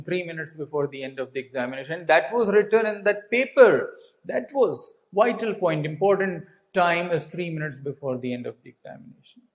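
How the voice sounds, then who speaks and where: Male teacher, Indian accent, unhurried delivery, slightly high voice, rhetorical questions. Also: poor audio. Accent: Indian English. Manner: asks rhetorical questions and answers them. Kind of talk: explaining a textbook story to a class.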